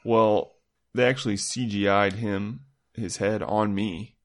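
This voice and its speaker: A young man co-hosting a podcast, teasing and telling deadpan jokes in casual chat. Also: on the low side, slow. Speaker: podcast co-host.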